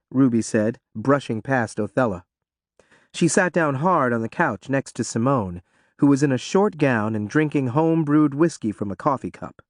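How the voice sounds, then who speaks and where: Animated male audiobook narrator. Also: mid-range voice, normal speed, dry recording, studio quality. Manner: expressive, animated reading.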